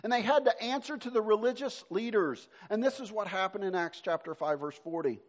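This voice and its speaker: Middle-aged guy preaching a sermon, pretty high voice, goes loud then drops real soft. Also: fairly quick. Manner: preaching with swings between emphatic and soft, hushed delivery. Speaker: pastor.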